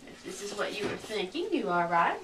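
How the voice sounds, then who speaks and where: A woman teaching a recorded lesson, speaking slowly and clearly and repeating each word for her learners. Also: medium pitch, very animated, roomy sound, recorded from a distance, noisy background.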